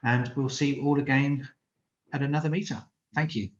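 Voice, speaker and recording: A man's voice: mid-range voice, steady tone, moderate pace, a little hiss or hum. Gracious man host, dull lo-fi sound. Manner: gracious, many fillers. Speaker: meetup host. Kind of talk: closing thanks.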